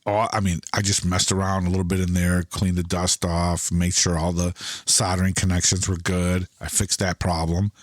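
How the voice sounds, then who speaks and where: A man's voice: deep voice, level tone, moderate pace, no echo, studio quality. A middle-aged man chatting casually on a podcast, telling a rambling story and acting out both sides of the conversations. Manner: loose, rambling delivery with many restarts. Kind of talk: casual podcast chat about guitars.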